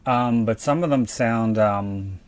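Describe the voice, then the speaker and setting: A man's voice: lowish voice, slow. A man with a South Philadelphia accent, co-hosting a casual podcast and rambling through profane asides. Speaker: podcast co-host. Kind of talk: casual chat.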